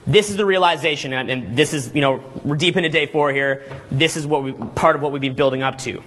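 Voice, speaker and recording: A man leads a live seminar, teaching the room with lively energy and throwing questions at his audience. His voice sits high and rings sharp and bright. He talks like a coach working a crowd. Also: brisk, a little hiss or hum.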